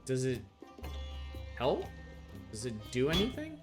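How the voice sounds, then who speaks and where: A talkative man chats with his viewers while streaming a video game, drifting from topic to topic and greeting people by name. His pitch is mid-level but highly animated, swinging widely as he laughs. Clear game music plays underneath. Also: a little slow, long pauses. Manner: chatty, rambling, laughs often, greets chat by name. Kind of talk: casual live-stream chat with viewers.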